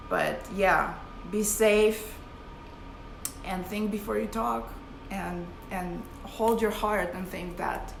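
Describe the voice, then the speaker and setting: A woman's voice: on the low side, vocal fry, a little hiss or hum. A woman giving an impassioned, profane live-stream talk to her followers as a spiritual teacher. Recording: echoey room with faint ambience.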